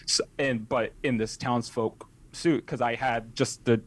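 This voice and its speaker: A young man tells a story as a podcast guest in a loose, rambling way. He restarts and corrects himself often. His voice sits at an ordinary middle pitch. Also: steady tone, a little slow, few pauses. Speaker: podcast guest, haunt scare actor. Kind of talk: casual interview storytelling.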